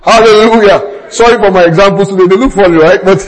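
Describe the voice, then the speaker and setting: A pastor preaching a sermon, telling stories with acted quotes and bursts of shouting. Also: male voice, sits high, very fast, rough recording.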